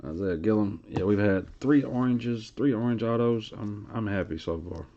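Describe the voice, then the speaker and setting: A man's voice: on the low side, normal speed, mellow. A man with a Tennessee Southern accent hosting a live card break, reading off player names in a laid-back drawl while chatting with viewers. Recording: lo-fi stream audio.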